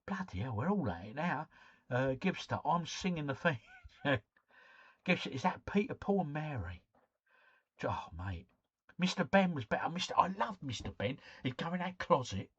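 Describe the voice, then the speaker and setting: On his casual live stream, a middle-aged man from the United Kingdom chats with viewers in a matey way, reading their comments aloud and answering them. His voice is a little high, very animated, fairly bright and slightly rough, at normal speed. The stream mic sounds dull and lo-fi, with no room sound.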